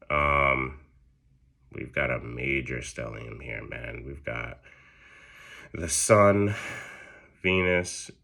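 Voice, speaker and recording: A man's voice: rumbling low, gravelly. A man giving a casual astrology chart reading, profane and slangy. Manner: profane, slangy, animated storytelling. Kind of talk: casual solo explainer.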